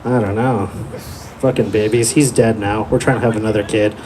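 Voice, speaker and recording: A man's voice: on the low side, fairly even intonation, normal speed, a little mellow, a little hiss or hum. Profane young man doing stand-up. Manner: crude, profane, laid-back storytelling. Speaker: stand-up comedian. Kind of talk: stand-up comedy set. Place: small comedy club. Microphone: handheld mic.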